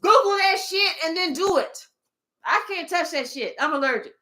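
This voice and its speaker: A woman giving a casual channeled reading, swearing often and telling playful, animated stories. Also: very high-pitched, moderate pace. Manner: profane, playful, animated storytelling. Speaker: spiritual tarot reader.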